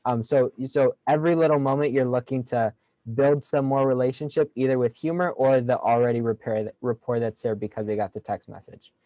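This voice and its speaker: A man's voice: medium pitch, a little fast, no room sound, lo-fi sound. A young man giving a casual sales training talk on a video call, upbeat and jokey, acting out phone lines as he explains them.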